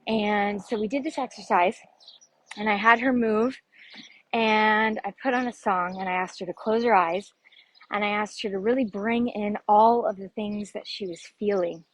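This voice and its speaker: A woman's voice: mid-range voice, dry recording, poor audio. A woman working as a success coach, giving an earnest motivational talk to camera and often ending her points with "right?". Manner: warm, calls listeners "sister".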